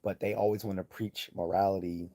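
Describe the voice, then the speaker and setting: A man's voice: deep voice, flat delivery, brisk, warm tone. A man hosting a livestream, giving blunt, profane, rambling commentary and reading chat messages aloud. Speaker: livestream host.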